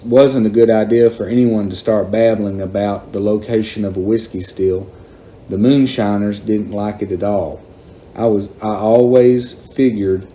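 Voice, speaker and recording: A man reading a chapter of a novel aloud in plain, unhurried first-person storytelling. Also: lowish voice, mellow, a little hiss or hum.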